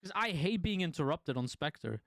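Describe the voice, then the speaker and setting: Chatty, high-voiced male streamer. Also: lively intonation, moderate pace, no room sound, studio quality. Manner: chatty storyteller, swears freely, laughs often. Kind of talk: casual chat to stream viewers.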